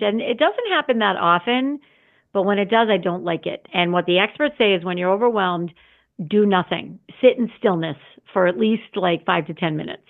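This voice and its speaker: A middle-aged woman hosting a podcast in casual solo talk, animated and repetitive, sometimes acting out her own flustered voice. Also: mid-range voice, phone-quality sound. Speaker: podcast host.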